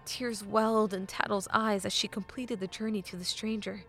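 A woman reading a novel aloud as an audiobook narrator, measured and often dropping to a hushed half-whisper. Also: medium pitch, creaky.

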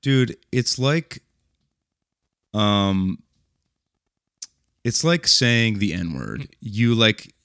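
Casting: male podcast co-host, low bright voice with big pitch swings, dry mic. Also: expressive, extremely slow, pauses often, clean tone, dry recording. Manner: loose, joking, swings pitch widely. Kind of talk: casual chat.

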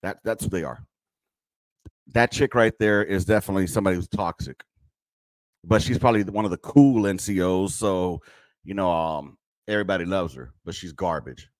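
Male podcast host, veteran, low voice, profane and blunt, dry close sound. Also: moderate pace, no echo. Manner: blunt, profane, joking military slang. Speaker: military veteran. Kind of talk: casual commentary on clips.

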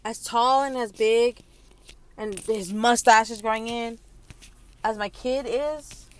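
A young woman and mother speaking in a candid personal monologue, halting and emotional, close to tears. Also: on the high side. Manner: halting, emotional, many restarts and pauses. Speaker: young mother sharing her story.

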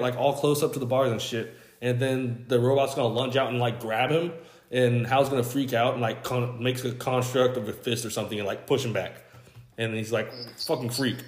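A young man casually pitching a story, rambling and quoting characters in an offhand voice, with casual swearing. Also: a little mellow, roomy sound. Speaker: podcast host.

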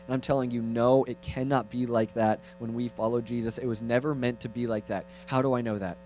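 A young man preaching a lively, conversational sermon that swings from loud to hushed, with playful asides. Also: mid-range voice, brisk, soft background music, low-quality recording.

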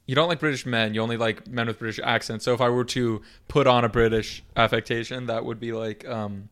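A man's voice: medium pitch, steady tone, a little fast, a bit bright, clear, resonant tone. A man co-hosting a podcast, chatting casually and joking playfully with his co-host. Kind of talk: casual chat.

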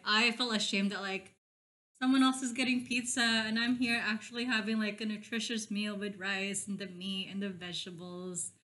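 A woman's voice: mid-range voice, pushed and bright. A young woman from the Philippines in a casual group chat, talking with lots of "like" fillers. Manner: chatty, many "like" fillers.

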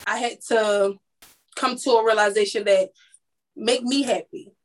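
A woman's voice: mid-range voice, fairly even intonation, measured pace. A woman who works as a makeup artist, telling her story in a casual interview, rambling and acting out what people said. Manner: rambling, restarts, acts out quoted dialogue. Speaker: guest, makeup artist and lash business owner.

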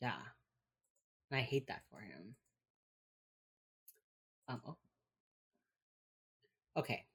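A woman with a very deep speaking voice and a Miami accent chats casually as a podcast co-host. She recaps a show in a loose, profane way, dropping into quoted voices as she goes. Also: sing-song, very slow, long pauses, fairly bright tone, breathy edge. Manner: swearing, chatty, slips into quoted voices while retelling.

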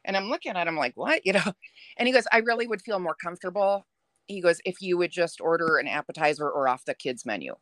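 A woman's voice: lowish voice, quick pace, no room sound. Chatty woman telling a story. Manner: chatty, animated, laughs while telling. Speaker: podcast guest. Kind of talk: casual storytelling.

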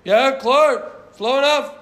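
A man's voice: very high-pitched, slow pace, a bit bright, echoey room. A man teaching a Gemara class in a casual way, repeating his phrases and making joking asides to his students. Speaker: Talmud teacher.

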